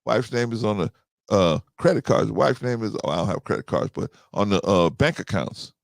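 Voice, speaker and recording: A gravelly man of about fifty chats loosely with his listeners, and his pitch rises and falls a lot. He often circles back with "right?" and repeats his points. The sound is dry and close, with no room echo. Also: lively intonation, normal speed. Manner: conversational, repeats himself, often asks "right?". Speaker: podcast host. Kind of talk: casual talk to listeners.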